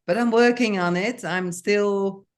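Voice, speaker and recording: An older woman, a guest in a casual interview, speaking slowly and haltingly with many restarts. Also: medium pitch.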